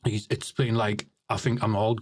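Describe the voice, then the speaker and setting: A man's voice: on the low side, little pitch movement, normal speed, slight background noise. A blunt man telling stories as a podcast guest. He often repeats words as he starts a sentence. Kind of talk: casual storytelling.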